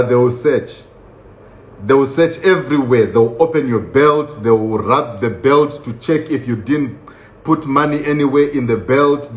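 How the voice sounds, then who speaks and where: A man telling his own story in a casual, animated way, laughing often and acting out the voices of others. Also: mid-range voice. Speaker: show host recounting his own experience. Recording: roomy, dull lo-fi sound with faint hiss.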